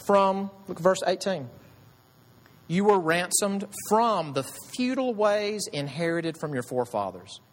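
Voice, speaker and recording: A pastor preaches in a conversational way, firing off rhetorical questions to his congregation. His pitch rises and falls with a lot of life, sitting a little high for a man. The sound carries a long reverb from the church hall. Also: animated, measured pace. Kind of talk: sermon.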